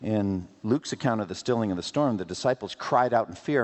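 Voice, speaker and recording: A man preaching a sermon in an animated way, using rhetorical questions and playful asides. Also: fairly low pitch, fairly quick. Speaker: pastor. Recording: long hall reverb.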